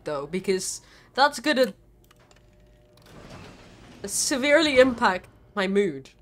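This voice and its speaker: A woman's voice: on the high side, big pitch swings, slow pace, long pauses, a bit bright. A woman streamer giving live gameplay commentary, nervous and chatty, swearing a lot and talking back at the characters on screen. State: nervous and scared.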